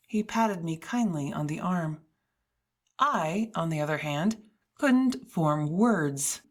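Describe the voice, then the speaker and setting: A woman's voice: sits low, animated, slow pace. A woman narrating a first-person audiobook in a wry, self-mocking storytelling manner.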